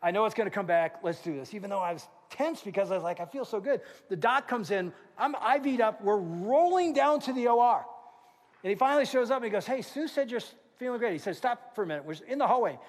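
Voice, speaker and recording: A man's voice: sits high, quick pace. A middle-aged male pastor preaching a sermon in a large church, telling stories and acting out what people said. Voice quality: animated storyteller, acts out quotes. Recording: long church hall reverb.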